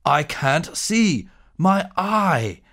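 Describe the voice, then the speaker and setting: A man's voice: on the high side, big pitch swings, very slow, a bit bright, pitched above the performer's own voice, heavily acted. A man voicing a one-eyed male cave monster who bellows in pain and threatens.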